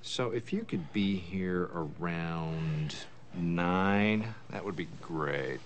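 An actor playing a smug male office boss who speaks in a slow, flat drawl. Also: low voice, dull audio. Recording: faint film background noise.

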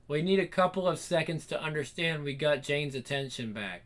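A man reading a first-person adult comedy story aloud, animated and wry, swearing freely. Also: on the high side, moderate pace, few pauses. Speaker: narrator.

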